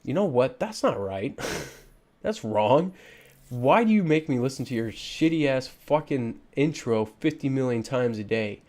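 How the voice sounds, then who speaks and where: A man's voice: mid-range voice, animated, a little slow, a little mellow. Exasperated man ranting over gameplay. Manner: ranting, exasperated, many fillers and restarts. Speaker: gaming YouTuber. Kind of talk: frustrated gameplay commentary.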